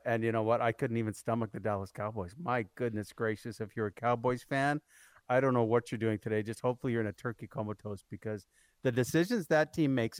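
A man's voice: medium pitch, clear, resonant tone, no room sound. A man co-hosting a sports radio show, telling rambling stories full of fillers. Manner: rambling storyteller, many fillers. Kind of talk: casual sports radio chat. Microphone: studio microphone.

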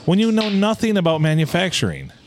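A man's voice: high-pitched, wildly swooping pitch, a little fast. A man with a Michigan accent, co-hosting a podcast in candid casual chat, swearing now and then. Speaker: podcast co-host.

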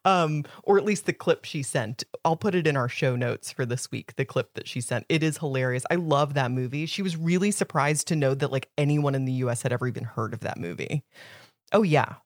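A woman's voice: very deep voice, brisk, no echo. Woman, podcast co-host, enthusiastic, laughs often, dry close sound. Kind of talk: casual chat.

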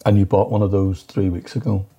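A man's voice: sits low, little pitch movement, brisk, mellow, slightly rough. A man co-hosting a podcast, chatting casually, rambling and restarting his sentences. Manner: rambling, distracted, restarts a lot. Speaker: podcast co-host. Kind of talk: casual chat.

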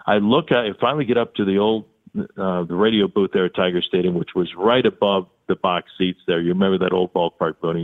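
An older man, a sportscaster, telling stories in an interview and acting out the dialogue. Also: deep voice. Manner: animated storyteller who acts out quoted dialogue. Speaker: sportscaster, podcast guest. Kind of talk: storytelling in an interview. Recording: phone-line audio.

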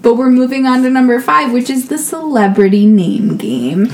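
A woman's voice: high voice, animated, normal speed. A young woman co-hosting a podcast, tipsy, crude and giggly, swearing freely in casual chat. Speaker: podcast co-host.

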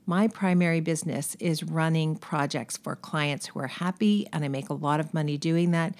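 A middle-aged woman with a fairly low voice hosts a podcast. She talks in a casual, enthusiastic way and tells personal stories as if to a friend. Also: normal speed, a little mellow. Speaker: podcast host. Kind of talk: conversational podcast intro.

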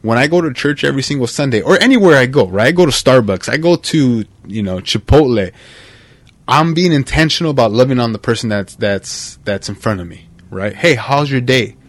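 A man hosting a podcast, talking in a casual, heartfelt and animated way, dropping "man" and "bro" constantly. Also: medium pitch, fairly quick, no room sound. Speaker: podcast host.

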